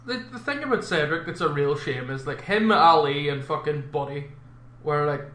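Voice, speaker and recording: Bright, high-voiced man in an echoey room. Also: lively intonation, moderate pace. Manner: blunt, swears, teasing. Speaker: podcast co-host. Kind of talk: casual chat.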